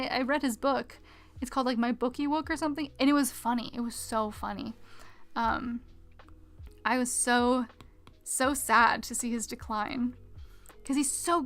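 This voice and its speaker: While drawing on a live stream, this art streamer chats with her audience, reads their messages aloud, and mutters softly to herself. Her voice is on the high side, picked up by a desk mic with a pop filter.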